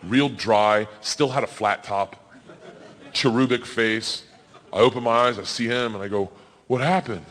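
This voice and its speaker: Loud animated male stand-up comic. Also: lowish voice, a little slow, in a large hall. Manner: loud, animated, yelling acted quotes. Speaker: stand-up comedian. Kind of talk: stand-up storytelling. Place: comedy stage.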